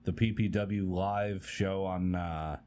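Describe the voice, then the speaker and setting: A man co-hosting a casual podcast chat, relaxed with wry teasing. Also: deep voice, slow. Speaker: podcast co-host.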